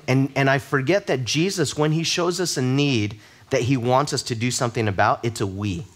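A man preaches during a church service at normal speed, his voice medium in pitch. As pastor, he shares personal stories in a chatty, self-deprecating manner, frequently repeating words at the start of sentences.

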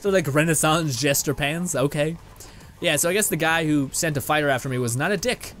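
A young man from Canada rambles through his gameplay commentary, his voice set a little higher than most men's. He laughs easily and swears without a thought. Faint music plays underneath. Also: a little fast, fairly bright tone. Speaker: gaming video host. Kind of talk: casual let's-play commentary. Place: home room with green screen and lights.

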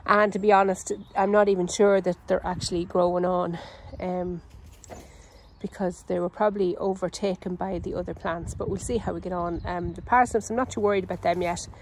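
A woman's voice: fairly low pitch, steady tone, slight background noise, rough recording. Chatty Irish woman touring her garden. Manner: chatty and unhurried, with frequent ums and self-corrections. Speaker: home gardener and channel host. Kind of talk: casual garden walkthrough. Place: outdoors in a vegetable garden.

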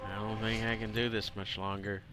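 A man's voice: lowish voice, flat delivery, a little fast, over music. A man giving gameplay commentary, exasperated and grumbling with mock-formal asides, his throat sore and coughing. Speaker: gamer.

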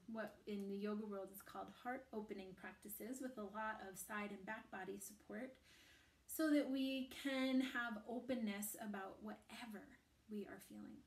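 A woman teaching a gentle family yoga class, calmly cueing breaths and poses and adding playful asides for children. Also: a little high. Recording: roomy echo, mic at a distance.

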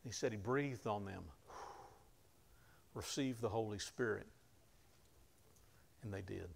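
A man preaching a sermon, retelling scripture in plain conversational words and rising to loud emphasis at key moments. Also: on the low side, takes it slowly, creaky, slight background noise. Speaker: pastor.

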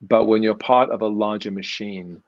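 A man with a lowish, gravelly voice tells rambling, self-deprecating stories as an interview guest, often restarting his sentences. He comes through a video call. The sound is dry and dull, like lo-fi call audio. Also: fairly even intonation, normal speed, no echo, faint music behind. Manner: rambling, self-mocking, many restarts and fillers. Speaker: guest, actor and magician. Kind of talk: casual interview storytelling.

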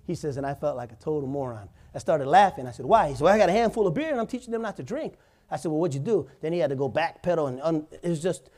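A man's voice: on the high side, warm tone. A male pastor preaching in church, telling stories conversationally and building to emphatic points. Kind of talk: sermon.

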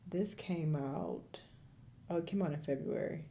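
A woman with a notably low voice gives casual, wry reaction commentary and talks straight to her viewers. A faint hiss sits under her voice. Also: a little slow, dark tone. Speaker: reaction video host.

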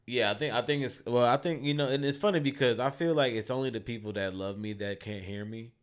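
A man co-hosting a podcast in casual chat, talking low and often trailing into a mumble. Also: quick pace. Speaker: podcast co-host.

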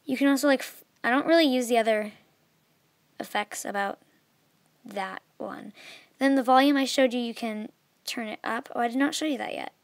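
A young woman talks through an app step by step in a loose, chatty way. Her voice sits a little high and sounds dry and close to the mic. She often drifts into softer, trailing asides. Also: moderate pace, long pauses, no echo. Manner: chatty, filler-heavy, trails off softly. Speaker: video tutorial maker. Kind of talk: casual screen tutorial.

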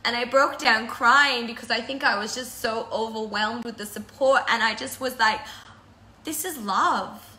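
Chatty woman with a bright, echoey voice. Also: on the high side, steady tone, normal speed, hardly any pauses. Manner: emotional, laughing through tears, chatty. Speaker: break-up counsellor and channel host. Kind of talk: casual talk on a live video.

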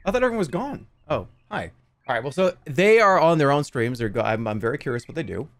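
A man's voice: fairly high pitch, sing-song, fast talker. A man hosting a livestream game contest, chatting casually and jokily with plenty of swearing and laughter. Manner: jokey, profane, laughs often.

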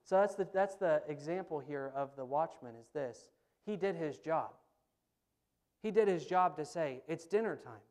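Animated storytelling preacher, a man. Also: a little high, moderate pace. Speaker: pastor. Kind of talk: sermon. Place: church sanctuary.

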